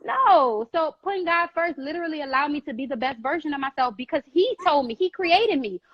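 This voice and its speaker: A woman giving emphatic, preachy advice in an animated way, repeating phrases and calling the listener girl, on a live video call. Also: high voice, a little fast, dry recording, highs cut off.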